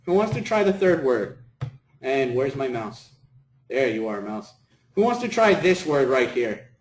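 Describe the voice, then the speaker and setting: A man's voice: mid-range voice, sing-song, measured pace. A man teaching a classroom lecture, encouraging students and repeating words for them. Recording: echoey classroom.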